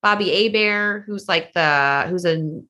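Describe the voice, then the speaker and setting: A woman broadcaster chats easily as a podcast guest, with a bright, forward tone. She rambles a little and leans on "like" as she talks. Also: fairly low pitch, unhurried. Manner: chatty, lots of "like" fillers. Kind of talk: casual podcast interview.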